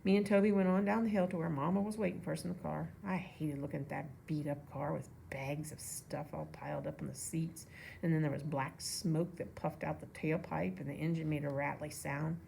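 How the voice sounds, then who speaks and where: A woman reading a children's novel aloud in a relaxed way, with casual asides to listeners. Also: deep voice, a little fast, creaky, a little hiss or hum. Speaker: reader.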